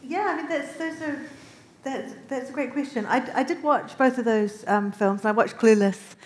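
A woman on a panel answering an audience question thoughtfully, with many halting restarts. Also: high-pitched, husky.

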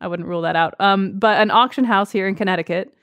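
A woman radio host interviewing a guest in lively casual chat, laughing often. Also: mid-range voice, quick pace, smooth, dry recording, clean studio sound.

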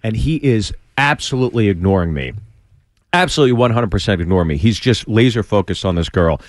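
Animated male comedian telling a story. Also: fairly low pitch, a little fast, no echo, studio quality. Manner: animated storyteller, acts out the voices. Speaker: guest comedian. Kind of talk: storytelling on a podcast. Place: radio studio. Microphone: studio microphone.

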